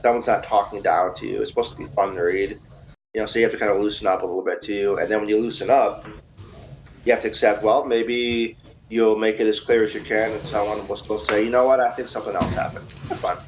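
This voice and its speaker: A man being interviewed as an author, talking in a relaxed, chatty way with self-mocking humor. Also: fairly low pitch, a little fast, a little hiss or hum. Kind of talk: casual interview answers. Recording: dull lo-fi recording.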